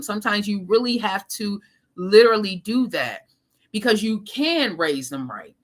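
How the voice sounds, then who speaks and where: Bright-voiced woman chatting on a live stream. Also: mid-range voice, expressive, moderate pace. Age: 30s. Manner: talks straight to viewers with slang, laughs often. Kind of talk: casual live-stream chat reading viewer comments.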